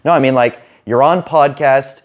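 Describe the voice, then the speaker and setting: Fast-talking man coaching on dating. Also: medium pitch. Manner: rapid, rambling, casual with profanity. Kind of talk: fast-talking monologue to camera.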